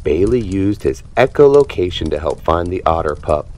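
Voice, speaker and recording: A man reads a children's picture book aloud in a low voice. His intonation rises and falls dramatically as he tells the story. The delivery is expressive and animated for young listeners. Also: moderate pace. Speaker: storybook reader.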